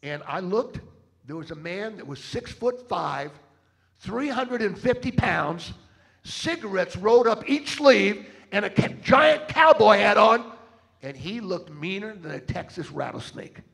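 A man with a high, gravelly voice preaches a sermon to a church congregation. He tells stories dramatically and keeps rallying the crowd with call-outs for an answer. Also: expressive, slow, a bit bright. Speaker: travelling preacher. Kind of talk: sermon with storytelling and fundraising appeal. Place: church service.

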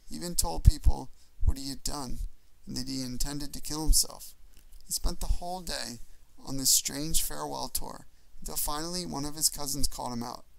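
A man reading a memoir aloud as audiobook narration in a measured, earnest way. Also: mid-range voice, fairly even intonation, vocal fry, a bit bright, poor audio. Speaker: audiobook reader.

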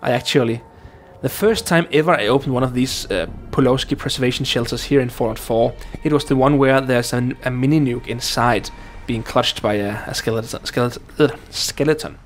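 Man, gaming let's-player, rambling self-talk, mid-pitched, faint music behind. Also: a little fast, hardly any pauses. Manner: rambling, self-chatting with fillers and restarts. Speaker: gaming YouTuber. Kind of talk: casual let's play commentary.

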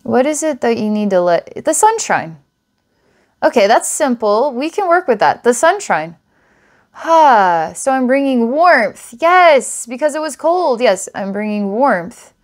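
A woman's voice: a little high, expressive, measured pace, few pauses. A woman giving a recorded psychic reading to a client, talking in an earnest, rambling way, restarting often and laughing now and then. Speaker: psychic reader.

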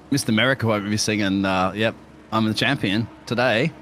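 A man commentating a live sim race, chatty and bantering with his co-host and bursting into excited calls. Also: lowish voice, normal speed, faint music behind. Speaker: lead commentator.

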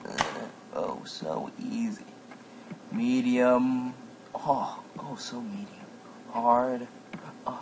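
A man casually commentating a game as he plays, excitable and quick to yelp and exclaim at what happens. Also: medium pitch, gravelly. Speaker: gameplay commentator. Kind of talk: casual let's-play commentary. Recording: noisy home mic recording.

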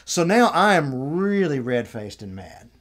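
A man telling an anecdote in casual chat, annoyed, animated, acting out what people said. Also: fairly high pitch, measured pace. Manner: animated retelling, acts out quotes.

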